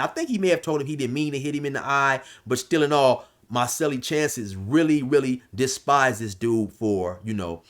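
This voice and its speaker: A man's voice: on the high side, fairly quick, hardly any pauses. A man casually telling a long prison story, rambling with restarts and fillers. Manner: loose, rambling, restarts, shouts when quoting others. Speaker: storyteller recounting prison life.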